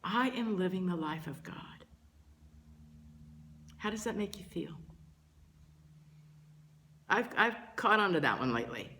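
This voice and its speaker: Slow, gentle older woman teacher. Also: lowish voice, big pitch swings, slight background noise. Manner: gentle, earnest, pausing often between phrases. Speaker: spiritual teacher. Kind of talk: slow reflective spiritual talk.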